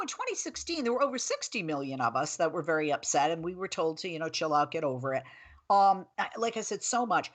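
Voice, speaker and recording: A woman in her forties hosts a political talk show. Her voice sits fairly low, and she chats in a lively, storytelling way, with quick asides. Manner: chatty, animated storytelling with laughs.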